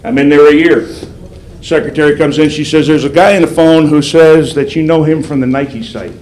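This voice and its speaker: A man's voice: a little high, normal speed. Older man telling a story in a roomy hall. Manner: animated, acts out quoted voices. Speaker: federal agent speaking to police recruits. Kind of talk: storytelling speech. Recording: roomy hall sound, faint background noise.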